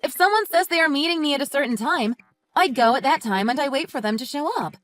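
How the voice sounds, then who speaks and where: A woman's voice: high-pitched, lively intonation, fast talker, a bit bright, dry recording, studio quality, faint music behind. Woman voicing a patient, polite friend. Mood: calm. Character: patient, polite young mother, calm and reasonable. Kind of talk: text-message story narration.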